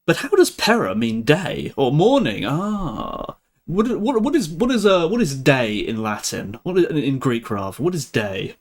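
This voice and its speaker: Lively, chatty young man streaming. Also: a little high. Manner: chatty, laughs often, halting restarts. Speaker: livestream host. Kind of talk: casual live-stream chat.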